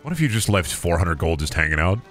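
A low-voiced man commenting live as he streams a video game. His pitch swings in a very animated way, and he talks in a profane, repetitive, often exasperated mutter, with faint music underneath. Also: quick pace.

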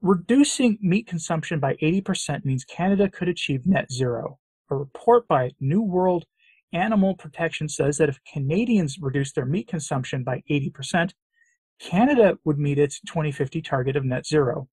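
Husky, sarcastic American commentator. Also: male voice, on the high side, expressive, normal speed, a little mellow, no echo. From United States. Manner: sarcastic, emphatic, with repeated phrases. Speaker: commentary channel host. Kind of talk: opinion commentary reading news quotes.

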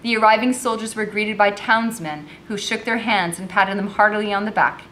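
A woman's voice: medium pitch, brisk, pushed and bright, slight background noise. A woman teacher reading a novel aloud with commentary, raising her voice expressively for the dialogue.

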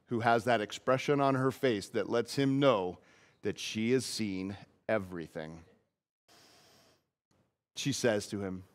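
A male pastor giving a casual, story-driven sermon in a church. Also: medium pitch.

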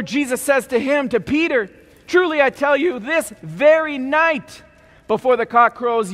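High, bright-voiced preacher in a reverberant hall. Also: male voice. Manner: dramatic, acting out scripture scenes with sudden loud outbursts. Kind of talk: keynote sermon.

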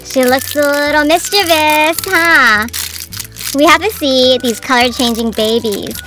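Brief: chirpy young woman, toy channel host, very high voice, music under. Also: a little slow. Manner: chirpy, sing-song, exclaiming. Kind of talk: toy play narration.

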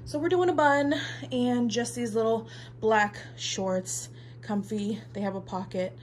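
A woman's voice: on the high side, a little slow, slight background noise. A young adult woman vlogging casually to her phone camera, confiding and chatty, with many fillers. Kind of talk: casual vlog talk to camera.

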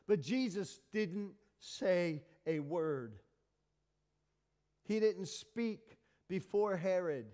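A man preaching a sermon as pastor, dramatic and swinging from loud to hushed. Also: high voice, expressive, slow pace, in a large hall. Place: church hall.

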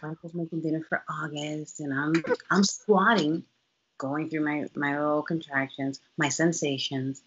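A woman guest telling a personal story in a casual, animated way, acting out what people said. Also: low-pitched, measured pace, noisy background. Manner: animated, lively, acts out quotes in other voices. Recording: dull lo-fi sound.

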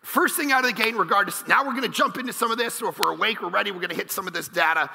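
Guy preaching a sermon, really high and sharp voice, jokey, shouts sometimes, big hall reverb. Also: racing, gravelly, a little hiss or hum. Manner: energetic and joking, bursts into shouts. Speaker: pastor. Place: large church auditorium.

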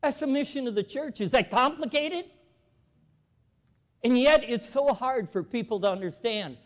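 A man giving an evangelical convention address in a large auditorium, telling folksy stories with animated, emphatic calls to the audience. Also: extremely high pitch, moderate pace. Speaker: convention speaker, former bank president. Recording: hall reverb from a large auditorium.

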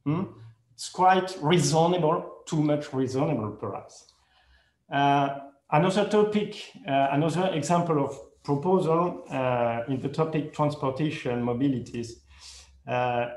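A man giving a conference presentation in careful non-native English, hesitant and full of pauses and fillers, correcting himself as he goes. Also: on the high side, darkish tone. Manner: speaks English as a second language. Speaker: conference speaker. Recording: echoey room.

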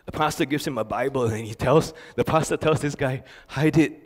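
A man's voice: mid-range voice, brisk. A male pastor preaching a sermon, telling stories animatedly with emphatic repetition. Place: church sanctuary. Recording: long church reverb.

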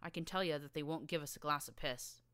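A woman voicing a tough, streetwise young filly gang leader with a rough rural drawl and a blunt, slangy manner. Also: low-pitched, fast, a bit bright, dry recording.

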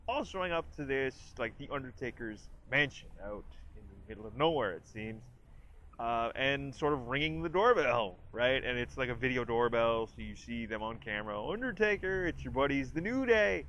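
A man's voice: mid-range voice, moderate pace, a bit bright, highs cut off, a little hiss or hum. A man casually reviewing a movie trailer, chatty and full of "like", retelling scenes with quoted lines. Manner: chatty, lots of "like" and restarts. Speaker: host of a review channel.

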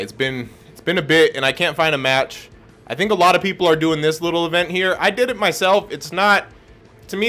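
A young man giving chatty gameplay commentary, explaining his own mistakes and breaking into excited shouts at his opponent. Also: a little high. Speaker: gaming YouTuber.

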